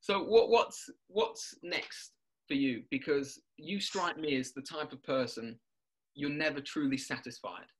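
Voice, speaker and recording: A man with a somewhat high, unhurried voice interviews a guest in a warm-up chat, often repeating words as he restarts and chuckling between questions.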